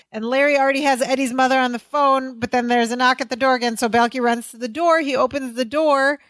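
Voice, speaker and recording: A woman with a slightly raised pitch co-hosts a casual rewatch podcast. She narrates plot points in a chatty way, with side comments and laughter. Her voice sounds dry and close. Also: steady tone, a little fast, hardly any pauses, a bit bright, dry recording. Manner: chatty storyteller, laughs easily, brief asides. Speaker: podcast co-host. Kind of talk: casual recap chat.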